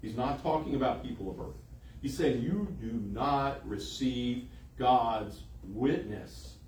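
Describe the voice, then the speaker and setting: A man's voice: medium pitch, slow pace, a little mellow, a little hiss or hum. A man preaching a sermon in an emphatic way, repeating phrases for emphasis. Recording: echoey room, voice from a distance.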